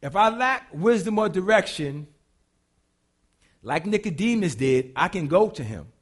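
A man's voice: sits high, big pitch swings, unhurried, husky. A man preaching a sermon, colloquial and humorous, acting out quotes and asides as he teaches. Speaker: pastor.

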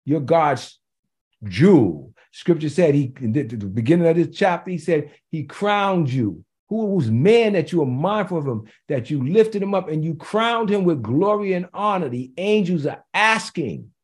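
A man's voice: fairly high pitch, lively intonation, normal speed. A man preaching a sermon in a conversational way, repeating key phrases for emphasis and slipping in joking asides.

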